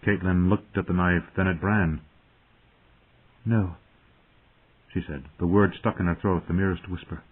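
Male audiobook narrator, low husky voice, measured and dramatic, phone-like audio. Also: level tone.

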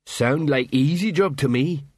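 A man voicing a slow, dim-witted male troll who talks in broken, simple words, read as an audiobook character. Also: on the high side, darkish tone, no echo, studio quality. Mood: slow, blunt.

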